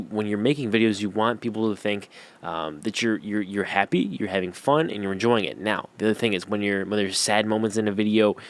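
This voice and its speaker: Young male YouTube coach, lowish voice, casual filler-heavy delivery to camera. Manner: rambling, filler-heavy, slangy. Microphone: camera-facing.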